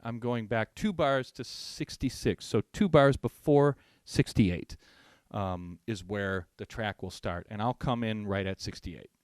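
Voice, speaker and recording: A man teaching drums, talking through a song in a relaxed way and often checking in with "right?". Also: on the low side, unhurried, no room sound, studio quality. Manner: thinks aloud with restarts, says "right?" often. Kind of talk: relaxed instructional talk. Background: loud music and drum track.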